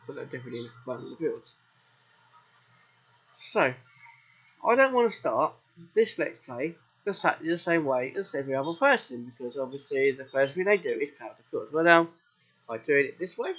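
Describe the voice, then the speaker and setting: Here a man from England, southern accent, gives loose let's-play commentary on a farming game, talking straight to viewers. His medium-pitched voice is husky with a fairly bright tone, and the recording is dull and lo-fi.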